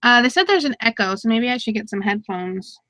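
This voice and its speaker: A woman's voice: on the high side, animated, fairly quick, sharp tone, dry recording. A woman hosting a casual online chat show, talkative and laughing often. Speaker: podcast host.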